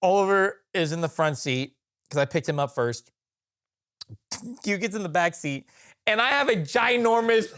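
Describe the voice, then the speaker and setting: A man co-hosting a podcast, telling stories in casual chat, animated and laughing often, with frequent restarts. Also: high-pitched, normal speed, long pauses. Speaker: podcast co-host. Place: podcast recording room.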